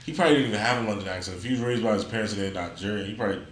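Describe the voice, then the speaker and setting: A man's voice: on the low side, very fast. Slangy New man in an echoey room. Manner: slangy, laughing, animated storytelling. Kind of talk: casual banter. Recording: roomy echo with faint room noise.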